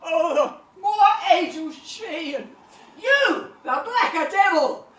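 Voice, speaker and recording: An actress playing a loyal, horrified maid in amateur stage acting, crying out in grief and accusation. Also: female voice, very high-pitched, animated, slow pace, heavily acted. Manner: cries out, sobbing and accusing. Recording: roomy echo from far off.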